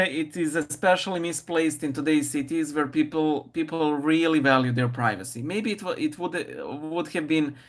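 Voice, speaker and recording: A man talks casually on a live stream, answering viewers while he paints. He speaks English with a noticeable non-native accent, pauses often and restarts his sentences. His voice sits at an ordinary middle pitch. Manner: relaxed, thinking aloud with many fillers and restarts.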